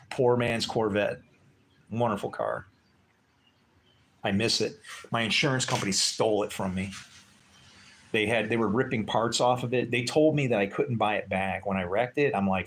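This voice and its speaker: A man's voice: lowish voice, fairly even intonation, moderate pace, pauses often, a bit bright. A man chatting casually with livestream viewers from a porch at dusk, rambling and joking with frequent chuckles.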